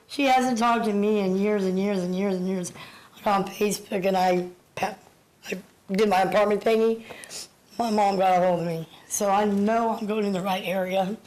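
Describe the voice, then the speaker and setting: A woman in her fifties speaks at a city council meeting. She is audibly out of breath, and her talk is emotional and halting, with words often repeated. Her voice sits at a middle pitch. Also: a little mellow, poor audio. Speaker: public commenter. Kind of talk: public comment at a council meeting.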